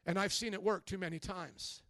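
A man, a pastor, preaching a confrontational sermon that swings from hushed confession to shouting. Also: high voice, steady tone, normal speed, dry recording, clean studio sound.

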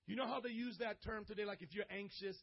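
A youth pastor preaching a sermon with emphasis, calling on the listeners to answer back, then dropping to a hushed, close tone. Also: male voice, sits high, steady tone, fast, gravelly. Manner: emphatic preacher, calls on the audience to respond; swings between loud exhortation and hushed, intimate delivery. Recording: dull lo-fi audio.

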